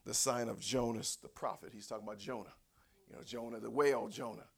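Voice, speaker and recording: A man preaching a sermon in a folksy, conversational way, swinging between low asides and shouted cries. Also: fairly even intonation, a little fast, creaky, husky. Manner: folksy, conversational, acts out voices. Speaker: pastor.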